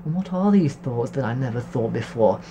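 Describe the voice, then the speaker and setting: A man's voice: mid-range voice, lively intonation, brisk, noisy background, natural voice. A man voicing a naive young woman who asks her mother breathless, wondering questions about a letter. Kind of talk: storybook reading.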